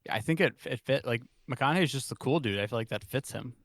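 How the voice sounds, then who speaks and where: A man co-hosting a podcast, chatting casually, rambling and joking and quick to laugh. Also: mid-range voice, no room sound, clean studio sound. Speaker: podcast co-host. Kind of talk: casual chat.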